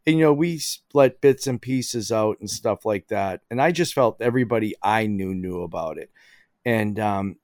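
Middle-aged man, lowish voice, dry close sound, rambling casual anecdotes, full of fillers. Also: normal speed, darkish tone, no echo. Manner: chatty, many fillers like "you know". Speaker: guest. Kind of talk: casual storytelling.

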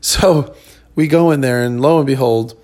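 A man's voice: mid-range voice, moderate pace, a little mellow. A tired male comedian hosting his own podcast, rambling in casual chat with many ums and restarts.

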